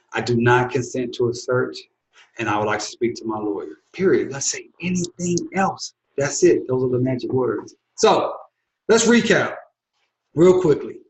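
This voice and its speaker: A man's voice: medium pitch, echoey room, low-quality recording. A man, an attorney, teaching people their rights in an instructional talk, repeating key phrases with the emphasis of a preacher. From United States. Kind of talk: direct-to-camera instructional talk.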